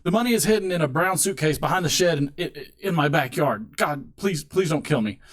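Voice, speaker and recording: A man's voice: fairly high pitch, lively intonation, brisk, close to an everyday voice. A man voicing a frightened male accountant who pleads, as part of a joke. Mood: pleading. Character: frightened male accountant begging for his life.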